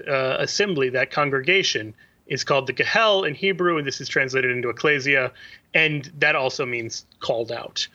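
Man, american radio guest, very bright tense voice, wry, explanatory. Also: a little high, muffled recording. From central United States. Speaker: studio guest answering questions.

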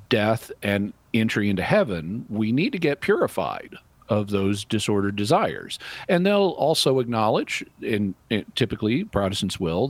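A man's voice: fairly low pitch, husky, no room sound. A man answering a caller's question on a call-in radio show, reasoning through a point step by step. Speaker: radio show guest apologist.

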